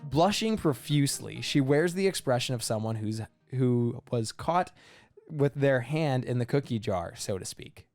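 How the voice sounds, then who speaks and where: A man reading a game's second-person narration aloud at a measured storybook pace. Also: mid-range voice, animated, darkish tone, dry recording, faint music behind. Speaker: narrator in a game let's play.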